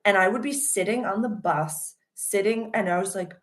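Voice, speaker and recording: A young woman with a Boston accent hosting a casual astrology chat, rambling and animated as she tells stories and answers viewers. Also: mid-range voice, moderate pace. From Massachusetts. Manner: rambling, animated storytelling with loud acted outbursts. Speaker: livestream host reading chat.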